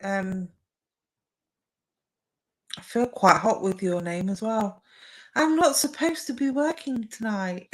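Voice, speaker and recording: The audio is poor as a young woman with a medium-pitched voice hosts a casual stream. She's chatty and warm, replying to viewers' comments and doing psychic readings, with fillers all through her speech.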